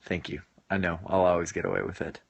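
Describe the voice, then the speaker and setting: A man in his late twenties chats casually on a home live stream, joking with viewers and laughing often. His voice sits fairly low, and the sound is dry and close, with almost no room echo. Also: very animated, fast, creaky, lo-fi sound. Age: late 20s. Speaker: live-stream host answering viewer comments. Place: home basement.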